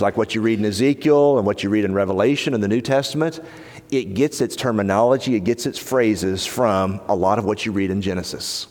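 A man preaching a sermon in an earnest, emphatic manner, slowing down to stress key points. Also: on the low side, a little mellow. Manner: earnest, emphatic, slows down for weight. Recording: long hall reverb.

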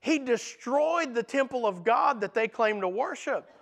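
High-voiced man preaching a sermon. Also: animated, a little slow, fairly bright tone. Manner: earnest, asks the audience rhetorical questions.

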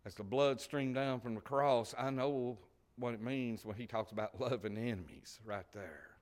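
A man preaching a sermon, swinging between loud emphasis and quiet, near-whispered asides. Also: medium pitch, normal speed.

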